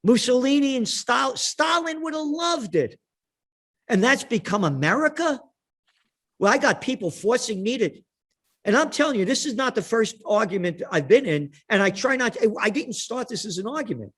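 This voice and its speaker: Animated, ranting New man. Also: high voice, fairly quick, husky. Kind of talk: heated monologue and storytelling.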